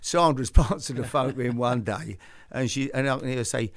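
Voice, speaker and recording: The older host of this chat show rambles through his stories casually, frequently starting over. His medium-pitched voice is fairly quick and creaky.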